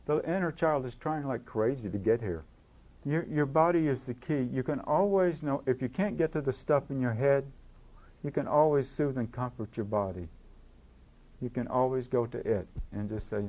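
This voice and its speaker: A man's voice: mid-range voice, normal speed, a little mellow. A man speaking at a recovery conference, talking earnestly to an audience, repeating words as he goes and acting out inner voices.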